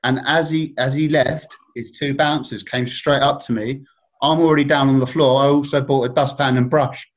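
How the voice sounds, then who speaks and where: A man's voice: mid-range voice, steady tone, moderate pace. A man telling a rambling, self-deprecating story in casual chat, laughing often. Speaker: guest telling stories.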